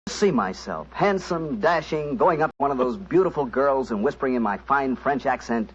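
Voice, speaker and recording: A man's voice: medium pitch, animated, normal speed, few pauses, a little hiss or hum. A man announcing a 1940s radio show, chatting breezily and reading a wine ad. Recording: dull old radio recording.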